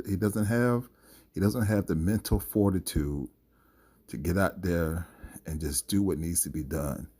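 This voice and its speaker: A man's voice: deep voice, mellow, slightly rough. A man giving his opinion in a solo boxing commentary vlog, emphatic and rambling with fillers.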